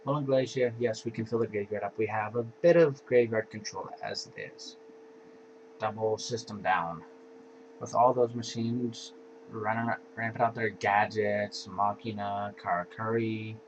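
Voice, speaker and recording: Slow, laid-back man with a dull lo-fi sound. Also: on the low side, steady tone. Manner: laid-back, offhand, sighing and yawning. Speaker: card game deck reviewer. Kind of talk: casual deck walkthrough. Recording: dull lo-fi home recording with faint hiss.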